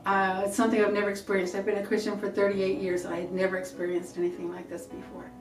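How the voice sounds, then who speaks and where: A middle-aged woman giving an earnest, halting church testimony, often repeating herself. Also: medium pitch, little pitch movement. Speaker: testifying believer. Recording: echoey room from a distance, faint music.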